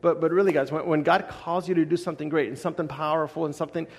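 A man in his thirties preaching a sermon, telling stories with lively acted-out quotes. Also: on the high side, rapid-fire, in a large hall. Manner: animated storytelling, acts out quotes. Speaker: pastor.

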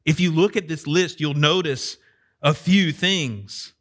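A man preaching a sermon as a pastor, in a conversational, animated way that keeps putting questions to the congregation. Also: on the high side, slow pace.

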